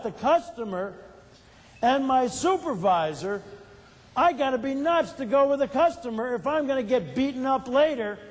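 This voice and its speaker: An older man giving a motivational keynote talk, asking the audience questions and answering them himself in a playful storytelling way. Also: extremely high pitch. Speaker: keynote speaker. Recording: reverberant hall.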